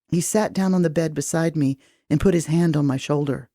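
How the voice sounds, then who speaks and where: A woman reading first-person audiobook narration in a measured, even way. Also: low-pitched, no room sound, clean studio sound.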